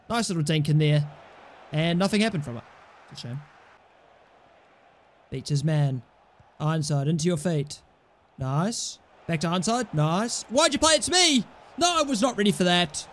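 A young man commentating his own football video game play, swinging from low mumbled asides to loud, shouted goal calls. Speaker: gaming YouTuber. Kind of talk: excitable gameplay commentary.

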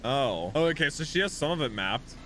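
A young man hosting a casual anime reaction video, excitable and exclaiming, swinging between hype and dismay. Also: medium pitch, brisk, a loud crowd, heavy background noise.

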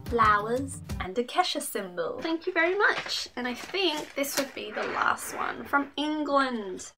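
A woman's voice: high-pitched, expressive. Young woman, bubbly vlogger reading letters, music bed behind. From Australia. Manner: bubbly, reads letters aloud with quick asides. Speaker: YouTuber reading fan mail. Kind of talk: casual vlog chat. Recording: music playing under the voice.

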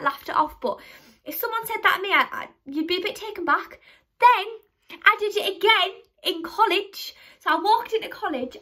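Bright-voiced chatty young woman. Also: high voice. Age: young adult. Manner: chatty, rambling, self-mocking storyteller. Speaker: vlogger. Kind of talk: casual chat to camera.

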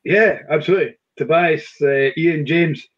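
A man's voice: a little high, moderate pace, muffled recording. Man hosting a whisky chat, full of fillers. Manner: hesitant, many fillers and restarts. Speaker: whisky shop host. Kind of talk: casual online chat.

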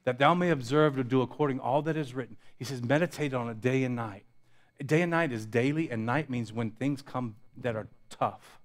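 A pastor preaching a sermon, building intensity through repetition and dropping to quiet asides. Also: male voice, mid-range voice, moderate pace. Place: church sanctuary.

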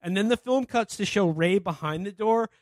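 His voice is high and his speed normal as this man co-hosts a casual comedy podcast, laughing, swearing freely, and voicing characters while retelling scenes. The audio is studio quality without room sound.

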